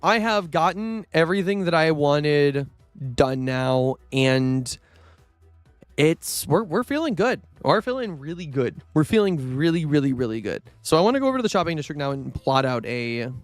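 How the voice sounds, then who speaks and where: A young man with a high, light voice talks through a game stream in a loose, rambling way. He swears freely and trails off into fillers, and the sound is dry and close with soft music underneath. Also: very animated, moderate pace, no echo. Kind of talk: casual gaming livestream chat.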